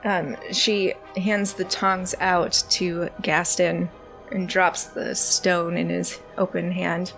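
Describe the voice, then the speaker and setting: A woman narrating a tabletop game as game master, relaxed and hesitant with many ums. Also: fairly low pitch, slow, gravelly, soft background music.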